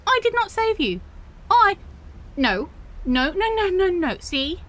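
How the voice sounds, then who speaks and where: A high, bouncy voice swooping all over the place: a woman doing a young female otter-girl supervillain, prickly and defensive. She splutters indignant protests and stumbles over her own denials, talking straight to the listener in an audio role-play. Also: sing-song, takes it slowly, a bit bright, heavily acted, low-quality recording. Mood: flustered denial. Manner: indignant, flustered, protests too much and stumbles over words.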